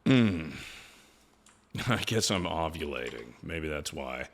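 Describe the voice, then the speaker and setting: A man's voice: extremely low pitch, expressive, slow pace. A man streaming live, chatting loosely and jokingly, swearing often and calling everyone "dude". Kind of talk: casual livestream chat.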